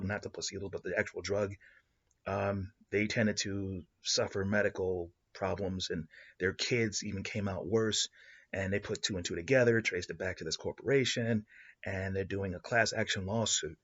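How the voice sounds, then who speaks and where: Excitable male storyteller, low-voiced and raspy, muffled audio. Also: moderate pace. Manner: excitable, rambling, with restarts and laughs. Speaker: podcast host and storyteller. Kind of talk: improvised story narration. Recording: dull lo-fi recording.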